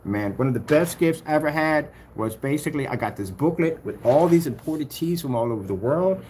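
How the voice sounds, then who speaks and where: He has a fairly high, expressive voice, a little fast and a little mellow, and there's a faint hiss or hum. As a projector screen paint maker, he rambles through a screen-recording vlog, bragging about his demos, humming fillers, and taunting competitors.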